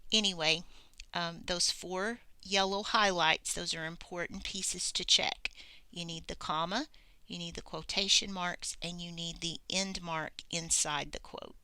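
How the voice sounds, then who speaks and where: A woman's voice: lowish voice, fairly even intonation, unhurried, sharp tone, clear, resonant tone, dry recording. A woman teacher giving a recorded grammar lesson, patient and explaining step by step as she works.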